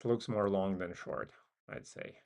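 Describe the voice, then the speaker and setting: A man's voice: low voice, fairly even intonation, unhurried, darkish tone. A man with a non-native English accent hosts a casual live trading stream. He muses and thinks aloud with frequent ums. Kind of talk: casual live market commentary.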